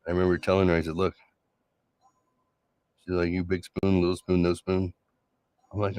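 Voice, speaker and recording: A deep-voiced man talks straight into the mic in a dry, dead room, spinning a loose personal story. His delivery is sarcastic and conversational, full of restarts and asides. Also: level tone, normal speed, pauses often, darkish tone, clean tone, no echo. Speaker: solo show host. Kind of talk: casual monologue.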